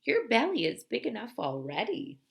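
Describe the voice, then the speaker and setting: A woman's voice: fairly high pitch, huge pitch swings, normal speed, gravelly, dull audio, exaggerated voice. A woman voicing tiny, brave baby bugs from a storybook who scold a bully in a sing-song way. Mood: sassy.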